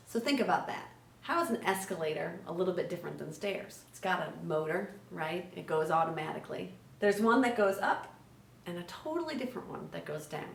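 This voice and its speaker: Energetic woman teaching in an echoey room. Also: on the low side, vocal fry. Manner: energetic, asks questions, tags "right?". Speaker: conflict resolution trainer. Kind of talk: teaching lesson to children. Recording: echoey room, mic at a distance.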